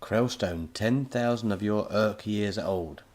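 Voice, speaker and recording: A man's voice: lowish voice, slow pace, darkish tone. A man voicing a small, furry, ancient alien creature that speaks in broken, simple phrases.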